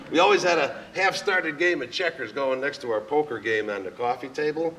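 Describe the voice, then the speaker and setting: A man's voice: fairly high pitch, normal speed, fairly bright tone, a little hiss or hum. A man performing a heartfelt personal monologue on a theater stage, telling his story with frequent chuckles. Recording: distant stage recording, faint ambience.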